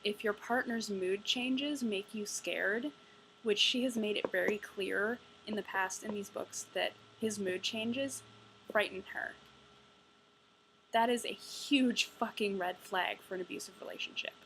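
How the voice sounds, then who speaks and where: A woman's voice: medium pitch, unhurried, fairly bright tone, slight background noise, poor audio. Exasperated, sarcastic young woman. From United States. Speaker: book reviewer vlogger. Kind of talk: casual ranting book review.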